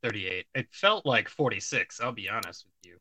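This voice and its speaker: A man's voice: on the low side, lively intonation, moderate pace, a crowd in the background, poor audio. A man co-hosting a casual podcast, rambling and opinionated, with many fillers and restarts. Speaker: podcast co-host. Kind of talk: casual pop-culture discussion.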